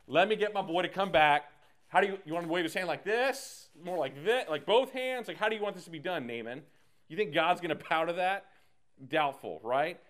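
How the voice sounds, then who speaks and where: A man leading a casual Bible study, animated and slangy, acting out the characters as he teaches. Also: a little high. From United States.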